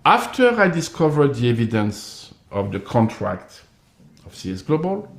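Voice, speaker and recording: A man's voice: mid-range voice, roomy sound. Emphatic man with a tinged delivery. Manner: emphatic, accusatory, acts out others' replies. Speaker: commentator. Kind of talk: direct-to-camera monologue.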